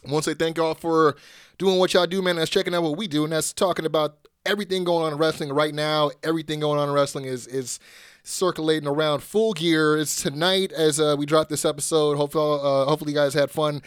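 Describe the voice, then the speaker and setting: A man's voice: a little high, fairly even intonation, fast, clear, resonant tone, no room sound, studio quality. A man co-hosting a wrestling podcast in casual chat, laid-back and full of filler words. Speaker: podcast co-host.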